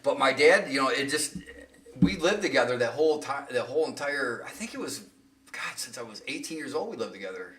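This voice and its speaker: A man's voice: mid-range voice, lively intonation, a little fast, a bit bright, recorded from a distance. A middle-aged man casually telling long, rambling, profane stories on a podcast and laughing at his own tales. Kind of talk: casual storytelling chat. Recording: roomy sound, away from the mic.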